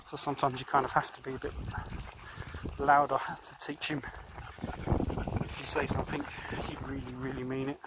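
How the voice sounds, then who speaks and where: A man vlogging a dog walk, explaining calmly and giving firm commands to his dog. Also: medium pitch, normal speed, long pauses, background noise. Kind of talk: casual vlog narration while walking a dog. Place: outdoors in fields and paddocks. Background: light outdoor ambience.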